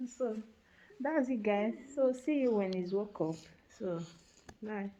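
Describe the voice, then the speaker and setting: A mother vlogs from a hospital room, chatting casually with viewers and softly soothing her son with repeated reassurances. Her voice is medium-pitched, animated and slow, and the audio sounds dull.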